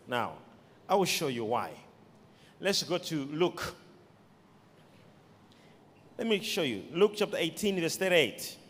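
High, lively-voiced preacher in echoey hall. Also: male voice, slow, pauses often. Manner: emphatic preaching with sudden shouted peaks and quiet asides. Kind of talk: sermon.

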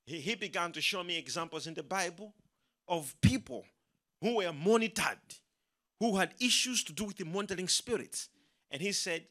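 A man preaching a sermon, emphatic and animated, leading the congregation in call-and-response. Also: high-pitched, moderate pace. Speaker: pastor.

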